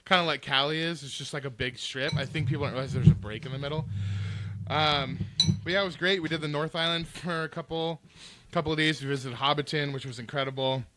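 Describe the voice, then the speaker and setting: A podcast co-host chats casually, telling animated, rambling stories stuffed with "like" fillers. He's a fast talker with a voice on the high side, and the recording is very noisy.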